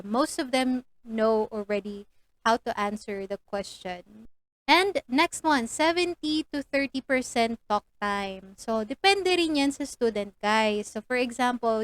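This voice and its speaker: A woman's voice: fairly high pitch, low-quality recording. A young Filipino woman with a Filipino accent, chatting through a casual tutorial vlog, mixing English and Tagalog and acting out lesson lines. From Philippines.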